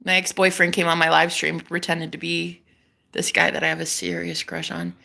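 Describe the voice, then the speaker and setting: Chatty woman on her live stream, bright voice, swears a lot and keeps laughing. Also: lowish voice, normal speed, vocal fry. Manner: animated, swears freely, laughs often. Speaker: psychic reader livestreaming. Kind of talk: casual livestream chat.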